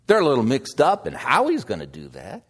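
A man preaching a sermon, slow and deliberate, swinging between loud emphasis and hushed asides. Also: medium pitch, wildly swooping pitch, husky.

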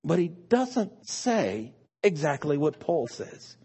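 Husky, lively-voiced preacher man. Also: fairly high pitch, slow. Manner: dramatic swings between hushed and emphatic delivery. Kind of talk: sermon.

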